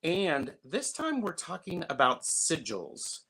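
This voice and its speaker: A man's voice: on the high side, wildly swooping pitch, slow pace, vocal fry, sharp tone, husky. A man in his fifties hosting a casual livestream, chatting and greeting viewers by name. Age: 50s. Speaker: livestream host.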